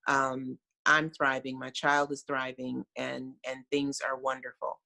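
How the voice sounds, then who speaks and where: A middle-aged American woman speaks on a video call in an earnest, reflective way. Her bright voice carries a gravelly fry, and she pauses often with fillers as she talks. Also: extremely low pitch, level tone. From United States. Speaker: guest.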